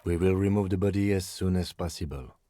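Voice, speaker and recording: A man voicing a calm, measured police officer questioning a witness in a video game. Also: low voice, no echo, studio quality, natural voice. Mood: stern. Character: calm, stern male police lieutenant.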